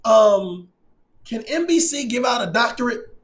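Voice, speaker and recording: A man delivering a passionate opinion rant, emphatic and often shouting, swearing and laughing through his points. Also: extremely high pitch, animated, a little slow. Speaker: commentator.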